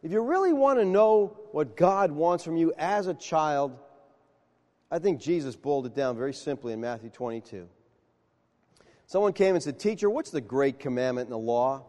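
A man preaching a sermon, telling stories with animated acted-out dialogue. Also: on the high side, normal speed, in a large hall. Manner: animated storytelling, acts out dialogue. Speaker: pastor.

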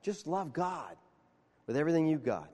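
A man preaching a sermon, telling stories with animated acted-out dialogue. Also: fairly high pitch, moderate pace, big-room sound. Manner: animated storytelling, acts out dialogue. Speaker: pastor.

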